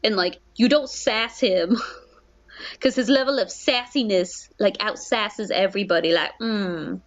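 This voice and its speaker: A woman's voice: medium pitch, a little slow, lo-fi sound. Chatty young woman streamer. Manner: chatty, lots of "like". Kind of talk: casual game commentary.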